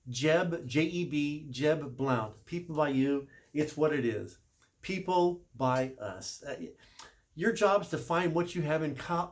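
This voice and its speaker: A middle-aged man and car shop service manager telling a story in a casual, chatty way, correcting himself and laughing a little as he goes. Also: on the high side.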